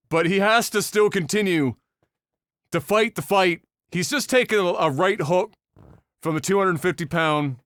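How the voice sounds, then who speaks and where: Male podcast host, lively swearing banter, dry studio sound. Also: high voice, dry recording. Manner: animated, swears freely, breaks into shouted bits. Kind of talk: casual podcast chat.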